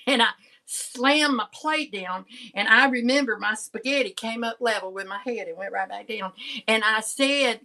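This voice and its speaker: A woman's voice: mid-range voice, measured pace, bright, forceful tone, low-quality recording. An older woman, telling a family story in casual chat, often laughing and cutting herself off. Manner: chatty, laughs often, self-interrupting. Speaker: channel host.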